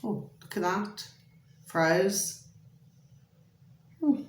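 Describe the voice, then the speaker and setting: A woman's voice: medium pitch, expressive, extremely slow, reverberant. A woman vlogging to camera in a chatty, meandering monologue that keeps drifting off track. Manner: chatty, meandering, easily distracted; calls viewers "my delicious little babies".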